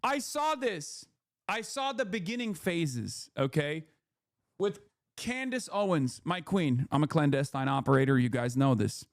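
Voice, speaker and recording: Fired-up profane male commentator, slightly high. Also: lively intonation, unhurried, no room sound, studio quality. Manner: heated, profane, sarcastic rant. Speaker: political commentator. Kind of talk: casual livestream commentary.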